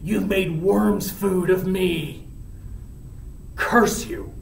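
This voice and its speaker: A man voicing a dying young man who curses slowly in a low, strained voice. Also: vocal fry, slight background noise, exaggerated voice. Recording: echoey room, mic at a distance.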